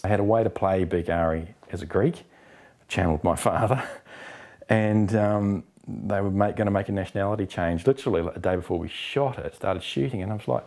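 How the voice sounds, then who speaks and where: A man from New Zealand, middle-aged, answers interview questions about his acting work in a candid, expressive way. His voice sits low and deep. He slips into quoted exchanges as he goes. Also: vocal fry. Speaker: actor interviewee.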